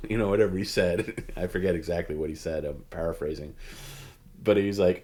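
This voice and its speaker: Laid back host guy, kinda low voice, rambles with lots of like and you know, chuckles a lot. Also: a little fast, a little mellow. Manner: rambling, heavy use of like and you know, laughs often. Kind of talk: casual chat on a livestream.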